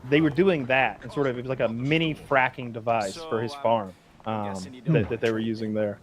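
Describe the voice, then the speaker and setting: A man who is a guest on a podcast, telling stories in an animated way with lots of stammered restarts. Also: mid-range voice, moderate pace. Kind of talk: casual chat.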